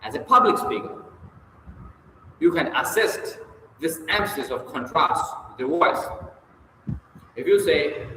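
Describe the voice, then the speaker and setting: Guy reading a public speaking book out loud, big swings in pitch, lots of echo and faint hiss. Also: measured pace, pauses often. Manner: lively emphatic reading with stretched stressed words. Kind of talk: reading aloud a book lesson. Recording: echoey room with long reverb, faint noise.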